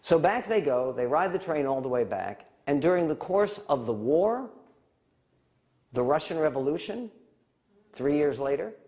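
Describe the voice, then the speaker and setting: A male public speaker and author gives an animated speech built around a warm family anecdote, pausing and using fillers along the way. When he gets excited, his pitch leaps high.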